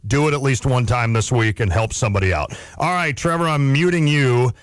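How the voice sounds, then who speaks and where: A man hosting a sports radio show, chatting casually with self-deprecating quick asides into a studio mic. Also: mid-range voice, animated, clean tone, no room sound.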